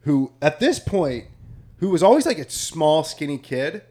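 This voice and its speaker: A man's voice: fairly high pitch, very animated, a little slow, darkish tone. A young man, a comedian co-hosting a podcast, telling a story in a rambling, casual way and swearing a lot.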